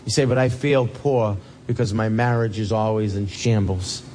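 A man preaching a sermon as a pastor, animated, with a husky voice. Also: lowish voice, normal speed, slight background noise. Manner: animated, swings from loud questions to soft reassurance.

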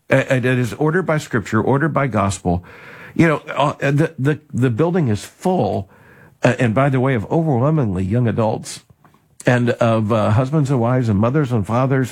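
Guest, man, husky voice, restarts that give way to firm conviction. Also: mid-range voice. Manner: halting restarts, then forceful conviction. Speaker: podcast guest. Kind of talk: conversational commentary on faith.

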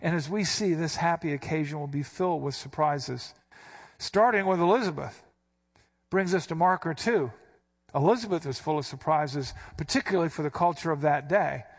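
A man's voice: a little high, moderate pace, husky. A man preaching a sermon, explaining scripture with emphatic, dramatic inflections. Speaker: pastor.

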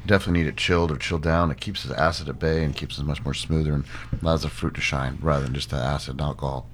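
Very deep, fast-talking man. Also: fairly even intonation, slight background noise. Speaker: wine guest. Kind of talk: casual chat.

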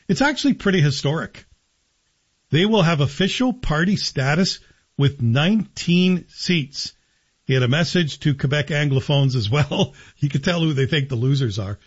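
A man hosting a talk radio show, delivering a sarcastic, joking monologue in a husky voice. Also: a little high, muffled recording.

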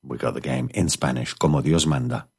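A man's voice: a bass voice, brisk, creaky, darkish tone, slightly rough. A man hosting a casual chat show, telling rambling stories with jokey, self-mocking asides and reading out listener messages. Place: indoors, living in coastal Spain.

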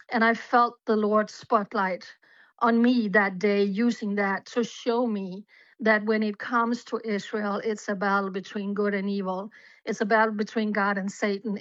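A woman tells her story to an interviewer, earnest and fervent, now and then pausing with an "um". Her voice comes over a dull, muffled line with no room sound at all. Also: mid-range voice, a bit bright, no room sound. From Denmark. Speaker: guest, journalist.

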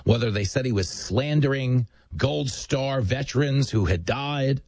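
Man, talk show host, husky voice, sardonic, emphatic, dry studio mic. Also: medium pitch, unhurried, darkish tone, no room sound. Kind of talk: political commentary monologue.

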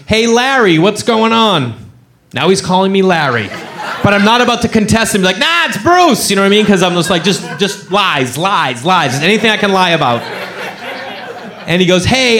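A man doing stand-up comedy, telling a story and acting out every character's voice with animated swings. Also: fairly high pitch, a little hiss or hum.

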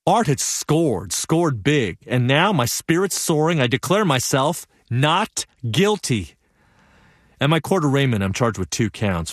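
A young actor narrating a one-man stage play as an earnest young man, telling the story in a lively, wry way. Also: medium pitch, no echo, clean studio sound.

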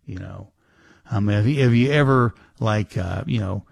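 A man's voice: lowish voice, a little slow, gravelly, a little mellow, dry recording. Rambling male radio talk host. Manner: rambling, with many restarts and fillers. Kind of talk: casual talk radio monologue.

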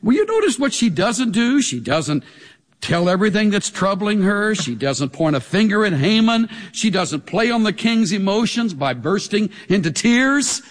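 A man preaching a sermon, animated, with pointed rhetorical questions. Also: high voice. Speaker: pastor. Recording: long hall reverb.

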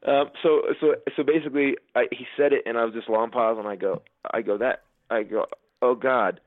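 A man, a comedian and filmmaker, telling stories in a casual chat, quick and animated with lots of restarts. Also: medium pitch, no echo. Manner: fast, animated storytelling with many restarts. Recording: dry, phone-like narrow sound.

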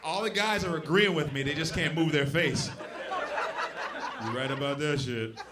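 A man doing profane, animated stand-up comedy. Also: fairly high pitch, normal speed, noisy background. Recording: live club audience laughing.

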